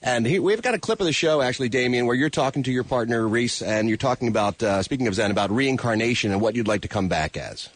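A man's voice: mid-range voice, a little hiss or hum. A man hosting a morning radio show, talking casually and joking with his co-hosts. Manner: animated, fast-talking, joking.

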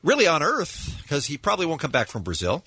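A man hosts a morning radio show and asks questions briskly. His voice is bright with a husky edge. His pitch moves around a lot, and the sound is dry and close. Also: huge pitch swings, no echo.

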